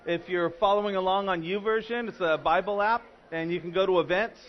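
Pastor from California, male, high-pitched, chatty sermon delivery, muffled recording. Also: fairly quick. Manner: conversational preaching with frequent restarts and fillers.

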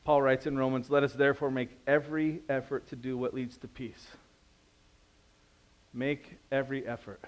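A pastor preaching a sermon in a conversational, storytelling way, asking the audience questions and swinging between quiet and loud. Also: male voice, medium pitch, little pitch movement, normal speed.

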